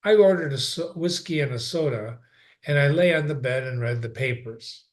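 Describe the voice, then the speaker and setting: A man reading a novel aloud in an unhurried way, sometimes stopping for a brief aside of his own. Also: mid-range voice. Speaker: reader.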